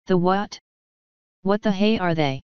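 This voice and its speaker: A woman's voice: lowish voice, measured pace, clear, resonant tone, no echo, muffled recording, close to an everyday voice. A woman reading the part of an ambitious, exasperated female unicorn leader who lectures. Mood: deadpan.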